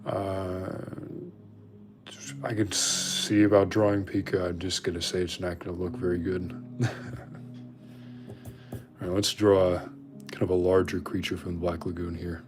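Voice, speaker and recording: A man's voice: low voice, level tone, unhurried, long pauses, darkish tone, soft background music. A man casually chatting with viewers while drawing their requests, rambling and self-deprecating.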